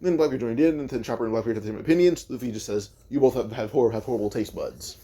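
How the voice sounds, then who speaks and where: Mellow-voiced man rambling through a story. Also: medium pitch, quick pace. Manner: rambling, thinks aloud with many self-corrections. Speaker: fan-fiction storyteller. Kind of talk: casual improvised retelling.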